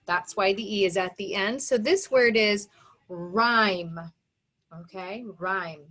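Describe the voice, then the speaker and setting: A woman's voice: medium pitch, normal speed, fairly bright tone. A woman teacher giving a reading lesson to young children, patiently sounding out letters and syllables.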